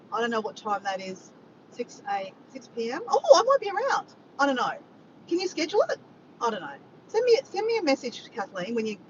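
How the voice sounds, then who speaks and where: An Australian woman chatting casually and excitably to viewers on a live stream, recorded outdoors on a phone. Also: fairly high pitch, highs cut off, slight background noise. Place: outdoors after a walk.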